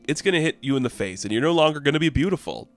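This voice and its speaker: A man's voice: a little high, expressive, racing, soft background music. A man voicing a fierce, defiant warrior woman who mocks a god. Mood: threatening. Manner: scornful, mocking.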